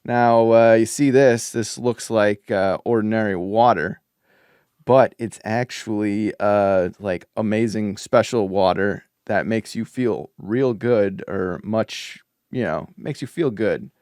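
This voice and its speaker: A man's voice: fairly low pitch, takes it slowly, a little mellow, clear, resonant tone, dry recording, studio quality. A man playing a bumbling con-man salesman. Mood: pitching. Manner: chummy, hesitant salesman patter. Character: smooth-talking human con man selling fake water.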